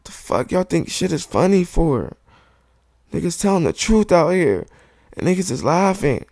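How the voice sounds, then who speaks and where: A man's voice: fairly high pitch, sing-song, moderate pace, a little mellow, no echo, clean studio sound. A man hosting a podcast, delivering a heated, profane monologue rant and hammering the same point over and over into a microphone. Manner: heated, profane, repetitive insistence. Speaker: podcast host. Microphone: studio microphone.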